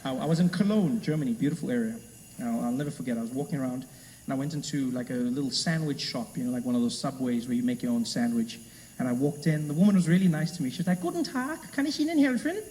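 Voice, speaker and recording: Performing live in a large, echoey comedy venue before an audience, this comedian talks fast in a mid-range voice, with slight background noise audible. His routine is animated storytelling, and he drops into character voices along the way.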